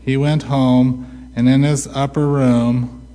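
A man preaching a sermon, asking rhetorical questions and answering them himself with a slow, deliberate delivery. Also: medium pitch, little pitch movement, mellow. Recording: long hall reverb.

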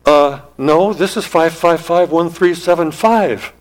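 A man's voice: fairly high pitch, pitched above the performer's own voice, natural voice. A man putting on a frazzled young housewife near tears. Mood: distressed. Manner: rushed, pleading complaints.

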